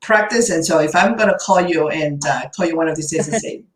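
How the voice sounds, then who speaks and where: A woman's voice: deep voice, brisk. An upbeat woman hosting a radio show and podcast. She is effusive, peppers her talk with fillers and often restarts her sentences. The recording sits in a noticeably echoey room.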